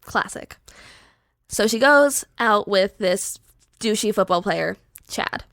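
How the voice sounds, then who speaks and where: A young woman podcast host casually pitching a horror story, chatty and animated with lots of filler words. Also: takes it slowly, creaky, no room sound, clean studio sound.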